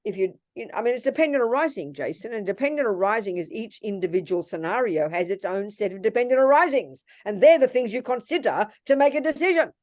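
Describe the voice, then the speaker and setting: A woman's voice: a little high, lively intonation, fast talker, few pauses, darkish tone, no room sound, studio quality. An older woman, a Buddhist nun, teaching in a question-and-answer session, blunt and scolding but calling people darling.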